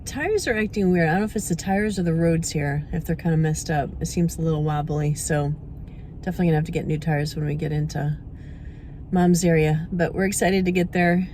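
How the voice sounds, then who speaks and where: A chatty middle-aged woman vlogging on a handheld camera, her voice sitting a little low. She talks casually and slips into cooing baby talk with her dog. A faint hum of noise runs under her voice. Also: fairly quick, warm tone. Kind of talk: casual vlog chat.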